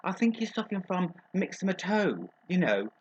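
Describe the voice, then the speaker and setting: A man's voice: sits high, big pitch swings, normal speed, muffled recording. A man playing a chatty middle-aged female agony aunt from Birmingham who calls everyone darling and drops innuendo. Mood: gossipy. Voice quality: gossipy, innuendo-laden, calls people darling. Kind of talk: comic advice show monologue.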